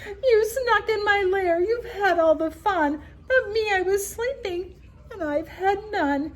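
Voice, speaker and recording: A woman's voice: very high-pitched, slow, a little hiss or hum, voice pushed up. A woman voicing a big sulky bear who whimpers and whines in a storybook reading. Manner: whiny, tearful.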